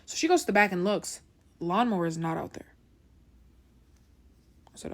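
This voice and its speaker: A woman's voice: medium pitch, sing-song, moderate pace, pauses often, a bit bright. A young woman telling a story in a casual, chatty way, often checking in with the listener. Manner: chatty, keeps asking "right?".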